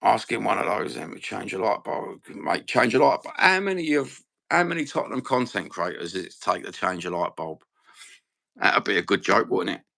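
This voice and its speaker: A man's voice: lowish voice, animated, moderate pace, creaky, sharp tone. A man with a Cockney accent hosting a casual fan livestream, blunt, sweary and rambling. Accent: London Cockney. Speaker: fan channel host.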